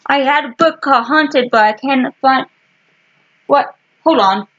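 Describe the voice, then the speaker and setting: A woman casually showing her book collection to the camera, talking in short halting fragments with frequent restarts. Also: high-pitched, fairly bright tone, muffled recording. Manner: slow and rambling. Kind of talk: casual chat.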